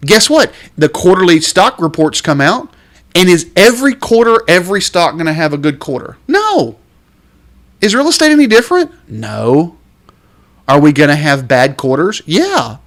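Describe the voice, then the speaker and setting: A fairly high-voiced man hosts a podcast and vents with real exasperation, his pitch jumping around a lot. He stretches out the words he stresses for emphasis. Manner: lively, drawn-out stresses on key words. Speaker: realtor and podcast host. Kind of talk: podcast rant.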